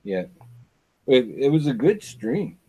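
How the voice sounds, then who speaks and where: A man's voice: mid-range voice, big pitch swings, slow pace, dark tone, husky. A man joining a casual stream chat, speaking in a laid-back, profane way.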